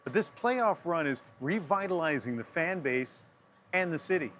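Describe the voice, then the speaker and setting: A man anchoring a news broadcast live from an outdoor city plaza, speaking in a clear, measured way. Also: a little high, lively intonation, background noise. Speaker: news anchor reporting on location.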